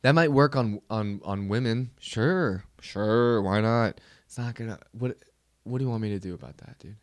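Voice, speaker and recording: A man's voice: fairly low pitch, fairly quick, dry recording, studio quality. A man hosting a comedy podcast, ranting in a casual, exasperated and profane way that rambles along.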